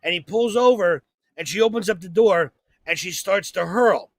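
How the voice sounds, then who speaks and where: A man, co-hosting a comedy podcast and telling a rambling, excitable story in casual chat. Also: sits high, normal speed, dry recording, clean studio sound.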